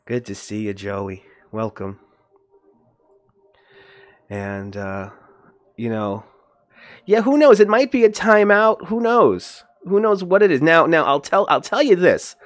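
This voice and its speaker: A man hosting a casual livestream, rambling and greeting viewers by name, his voice jumping up when he gets animated. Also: mid-range voice, no echo, studio quality. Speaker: livestream host.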